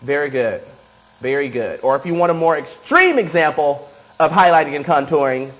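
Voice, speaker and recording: Upbeat makeup artist, male, slightly high voice, keeps saying okay. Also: normal speed, fairly bright tone, poor audio. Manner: enthusiastic, repeats cues and says okay often. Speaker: makeup artist demonstrating airbrush. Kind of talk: live tutorial demonstration.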